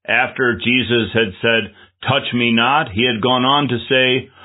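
A man preaching a measured, earnest sermon with scripture reading. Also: medium pitch, husky. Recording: tinny phone-like lo-fi audio.

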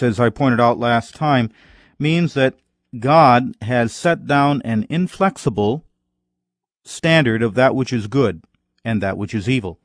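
A man preaching a sermon in a slow, unhurried cadence. He is deliberate and emphatic and leans on single words for stress. The sound is dry and close, with little room around it. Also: mid-range voice, no echo.

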